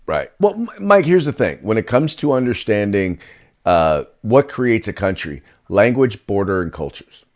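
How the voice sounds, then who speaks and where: A man co-hosting a political talk show, halting and searching for words. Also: fairly low pitch, big pitch swings. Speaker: co-host.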